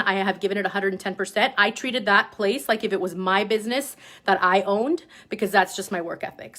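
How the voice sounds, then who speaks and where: A woman talks straight to her team in a loose, lively storytelling voice. Her pitch sits in the middle range for a woman. She fills her sentences with "like" and "right?" and slips into other voices when she quotes people. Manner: animated, lots of "like" and "right?". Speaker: direct-sales team leader. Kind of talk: casual motivational storytelling.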